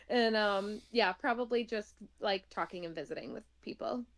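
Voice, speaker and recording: A woman's voice: mid-range voice, normal speed. A woman talking casually as an interview guest, chatty and laughing often, with many fillers.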